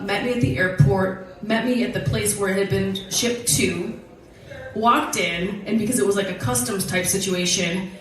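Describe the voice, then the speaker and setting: A woman telling a story from a stage, casual, animated and profane, often laughing. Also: medium pitch. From United States. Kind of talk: live storytelling. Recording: very echoey hall, voice from far off.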